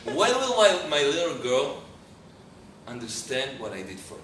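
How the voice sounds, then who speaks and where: A man's voice: mid-range voice, very animated, normal speed, a bit bright. A man, a rabbi telling a story to a live audience, often searching for English words. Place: lecture hall with audience. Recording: roomy hall, far mic, background noise.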